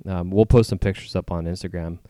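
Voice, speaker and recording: A man's voice: sits low, fairly even intonation, brisk, mellow, no echo, clean studio sound. A man co-hosting a podcast, telling a story in a rambling way with many fillers and restarts. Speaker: podcast co-host. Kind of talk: casual chat.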